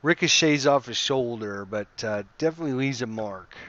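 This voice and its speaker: A man running an online tabletop game as game master, calmly narrating combat and ruling on moves. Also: medium pitch, normal speed, no echo, highs cut off.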